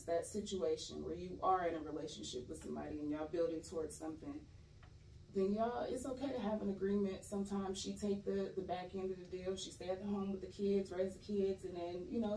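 A woman's voice: on the low side, fairly even intonation, fairly quick, warm tone. Laid-back young woman, candid. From California. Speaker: actress guest. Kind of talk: casual interview chat. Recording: roomy echo, voice a bit far from mic, faint noise.

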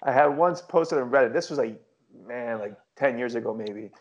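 A man telling a story in a relaxed, wry conversational way. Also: medium pitch, normal speed. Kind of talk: casual conversation. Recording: dull lo-fi audio.

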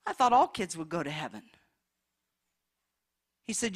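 A woman preaching in a church, telling her testimony with emotion, moving between hushed passages and loud ones. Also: on the low side, sing-song, measured pace, breathy edge. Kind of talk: testimony sermon.

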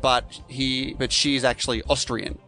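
A man's voice: medium pitch, flat delivery, unhurried, pushed and bright. An upbeat man trading film trivia on a podcast, laughing easily between questions. His voice sits in the middle range, and faint music plays behind. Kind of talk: casual quiz chat.

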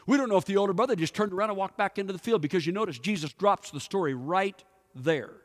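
A man's voice: high voice, fast talker. Man preaching in an echoing hall. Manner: storytelling preacher, asks the congregation questions. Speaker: pastor. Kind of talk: sermon. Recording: echoey hall with long reverb.

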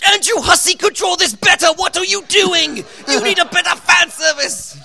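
A man doing an impression of a furious male celebrity chef, yelling harsh insults on a convention stage. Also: very high-pitched, moderate pace, gravelly, soft background music, pitched above the performer's own voice, full character voice.

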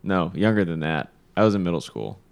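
A man's voice: low voice, lively intonation, a little fast, creaky, smooth, dry recording. A man in casual podcast chat, telling a self-deprecating story from his childhood. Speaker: podcast co-host.

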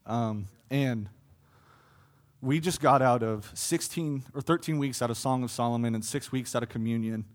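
An earnest young man preaches a personal testimony from the pulpit, his voice sitting at an ordinary middle pitch. He swells from quiet reflection into impassioned, louder pleas. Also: normal speed. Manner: earnest, building to impassioned pleas with fluctuating loudness. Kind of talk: sermon testimony.

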